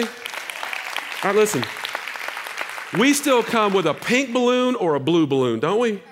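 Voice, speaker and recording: A man preaches from the pulpit with a slightly high voice, mixing relaxed, joking asides with rising calls to his church. The faint murmur of a congregation sits behind him. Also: unhurried, pauses often, a crowd in the background, background noise. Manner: conversational preaching, rising to loud exhortation. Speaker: pastor. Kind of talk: sermon.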